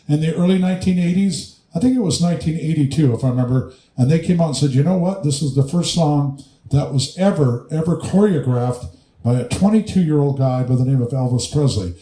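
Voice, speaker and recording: A man hosting a live music stream, chatting casually between songs and dedicating them to viewers in a rambling way. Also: a little high. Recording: echoey room with loud music. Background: guitar music.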